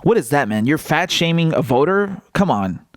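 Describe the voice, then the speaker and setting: A male political commentator in a casual vlog, talking in a mocking, animated way and laughing often. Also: on the high side, normal speed, no room sound, studio quality.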